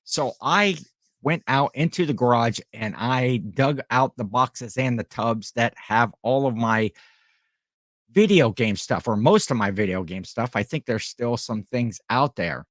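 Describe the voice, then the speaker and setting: A man's voice: medium pitch, measured pace, fairly bright tone, no room sound, studio quality. A man hosting a casual livestream, rambling in a friendly way and chatting with his viewers. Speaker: livestream host and online reseller.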